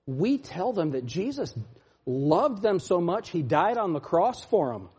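A man preaching a sermon as pastor, mocking, jumping from loud laughing shouts down to low muttering. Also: sing-song, a little slow, husky.

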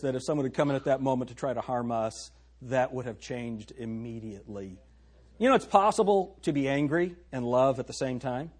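A man preaching a sermon, emphatic and folksy, who slows down to stress key words and talks straight to his congregation. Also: a little high, darkish tone, slightly rough. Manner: folksy, addresses the congregation directly.

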